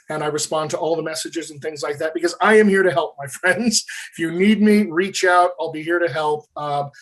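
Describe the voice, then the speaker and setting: A man working as a dialect coach, talking eagerly in an interview and speaking to viewers as friends. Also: fairly high pitch. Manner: animated, addresses viewers as "my friends". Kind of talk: enthusiastic interview talk.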